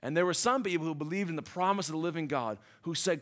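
A man preaching a sermon as a pastor, earnest, building to emphatic passages and dropping to soft, low endings. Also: fast talker.

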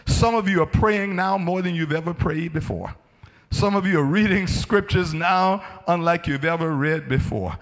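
A middle-aged man, a pastor, preaching a sermon emphatically, his voice rising to shouts on key points. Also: on the high side, normal speed. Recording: long hall reverb.

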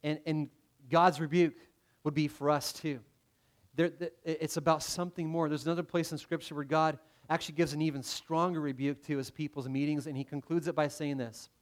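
A man's voice: a little high, steady tone, a little fast. A middle-aged man preaching a sermon in a conversational way, often restarting his phrases and acting out the voices he quotes. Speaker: pastor.

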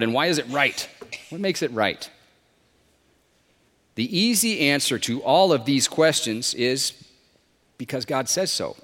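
Pastor, sermon delivery, animated and emphatic, slightly high voice, long hall echo. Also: male voice, unhurried, pauses often. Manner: lively, emphatic preaching with rhetorical questions. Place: church sanctuary with a screen.

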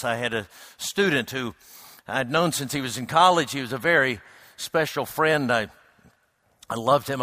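A man preaching a reflective sermon, unhurried, with frequent hesitant restarts. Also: medium pitch, pushed and bright, no room sound, clean studio sound.

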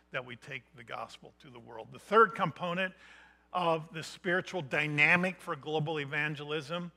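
A middle-aged man preaching a missions sermon, building emphatic points that rise to loud declarations. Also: on the high side.

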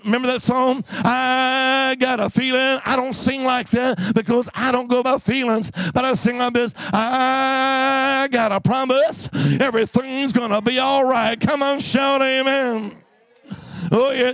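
A man preaching a sermon with slow, emphatic delivery and call-and-response to the congregation, now and then breaking into snatches of song. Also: very high voice, a bit bright, no echo.

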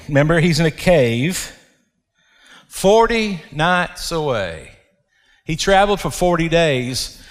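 A man preaching a sermon, reading scripture and explaining it with slow, emphatic delivery and dramatic pauses. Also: fairly high pitch, big pitch swings, long reverb tail.

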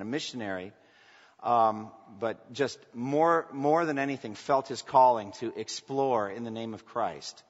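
A male pastor with a husky, breathy edge preaches a sermon, swinging between loud emphatic lines and quiet asides. His voice rings with a long reverb, as if in a large church hall, and the recording sounds dull and lo-fi. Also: mid-range voice.

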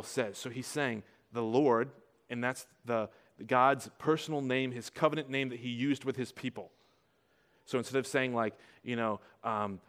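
A male pastor preaching a casual, conversational sermon, asking rhetorical questions and getting louder to stress his points. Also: mid-range voice. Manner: rises in volume when stressing points.

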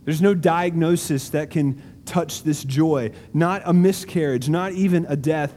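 A male pastor preaches in a large auditorium, leaning hard on key words and letting pauses hang. His voice sits a little high but sounds warm and mellow. A long hall reverb trails each phrase, with faint room ambience underneath. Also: slight background noise. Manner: emphatic, slow deliberate preaching with dramatic pauses. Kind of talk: sermon.

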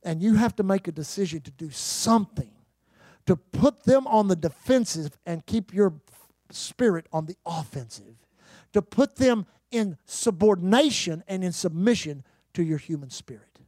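A man's voice: high voice, animated, normal speed, mellow, no room sound. A male pastor preaching a sermon with call-and-response and humor.

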